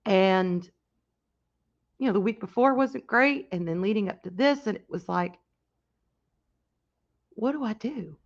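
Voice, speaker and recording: A woman hosting a casual livestream, talking in a halting, emotional way with many restarts and reading out chat comments. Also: medium pitch, dull audio. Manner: reads and answers chat comments. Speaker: livestream host.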